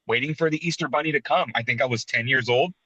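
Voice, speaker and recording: A man in his thirties co-hosting a casual wrestling podcast, telling animated, sentimental stories. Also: mid-range voice, fast talker, breathy edge, no room sound, poor audio. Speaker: podcast co-host.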